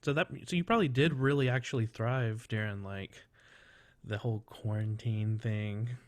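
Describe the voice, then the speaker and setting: A man's voice: on the low side, moderate pace, no room sound. A man hosting an interview, chatting casually over a video call, rambling with lots of fillers and giggling often. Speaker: podcast host.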